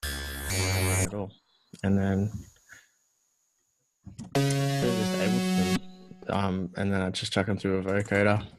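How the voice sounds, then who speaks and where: A man's voice: low-pitched, level tone, slow pace, pauses often. A man with an Australian accent, a music producer walking through his session in a casual, self-deprecating way with many fillers. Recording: music playing behind the voice.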